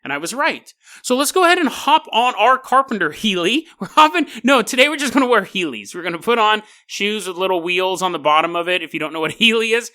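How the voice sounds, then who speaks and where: A man's voice: sits high, lively intonation, fast, few pauses, pushed and bright. A man hosting a podcast, telling strange stories in a rambling, jokey way, correcting himself and dropping in playful sound effects. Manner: frequent self-corrections and laughter. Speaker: podcast host. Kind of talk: casual comedic storytelling.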